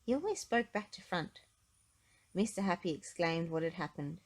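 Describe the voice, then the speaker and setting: A woman reading a children's storybook aloud in an expressive, gentle way. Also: fairly low pitch, normal speed. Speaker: storybook reader.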